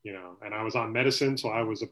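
A man's voice: lowish voice, fast talker, fairly bright tone. A man hosting a casual sports podcast, rambling and swearing, with a lot of "you know" filler. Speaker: podcast host.

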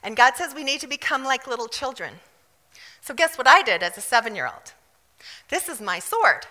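A woman from South Africa preaching a fervent, emphatic sermon with loud bursts of declaration. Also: sits high, animated, fairly quick, in a large hall. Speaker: pastor.

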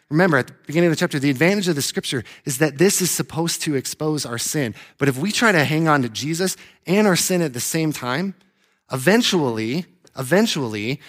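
A young adult male pastor preaching a sermon in a conversational, animated way, acting out quoted voices. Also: a little high.

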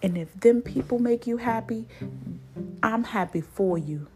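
A woman's voice: on the high side, measured pace. A woman hosting a solo podcast, giving her candid opinion in an emphatic way and repeating points for stress. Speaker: podcast host. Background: guitar music.

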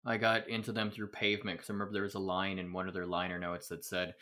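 A man on a casual podcast, telling stories in an animated way and acting out what others said. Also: low-pitched, quick pace, hardly any pauses. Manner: animated storyteller, acts out quotes. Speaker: podcast guest.

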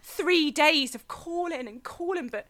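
A woman's voice: high-pitched, lively intonation, measured pace, a bit bright, voice pushed up. A woman acting a melodramatic monologue as a lonely young woman trapped down a well, crying out in pleading, breathless calls. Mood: lonely, forlorn.

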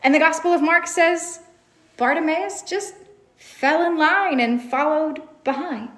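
A woman's voice: high voice, unhurried. A woman preaching a sermon, retelling a story in a reflective way and asking rhetorical questions.

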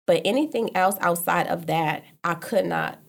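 Woman with a gravelly low voice. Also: moderate pace. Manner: earnest, repeats herself with "like", loose casual speech. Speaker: guest sharing a personal story. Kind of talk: candid conversational storytelling.

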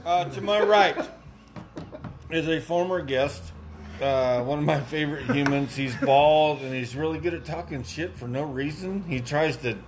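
A young adult man hosting a podcast, joking loudly and swearing in casual chat. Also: a little high, measured pace, slight background noise. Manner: loud, joking and profane. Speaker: podcast host.

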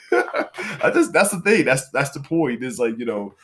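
A man's voice: mid-range voice, huge pitch swings, unhurried, slight background noise. A man, a podcast host chatting casually, teasing and laughing often. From Southern US, Louisiana. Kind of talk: casual chat.

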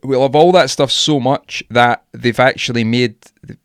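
A man's voice: medium pitch, steady tone, moderate pace, no echo, clean studio sound. A young Scottish man in casual podcast chat, rambling and swearing freely with frequent laughs. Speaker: podcast co-host.

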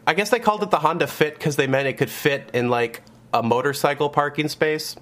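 A man's voice: fairly high pitch, brisk, fairly bright tone. A young man co-hosting a casual comedy podcast, joking and riffing. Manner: joking, mock-announcer delivery. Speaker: podcast co-host.

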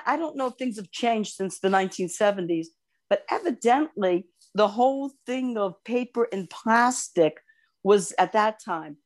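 An older woman co-hosting a podcast, telling long personal stories in casual chat, animated and quick to gush. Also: medium pitch. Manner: animated storyteller, gushing over cute animals. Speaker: podcast co-host.

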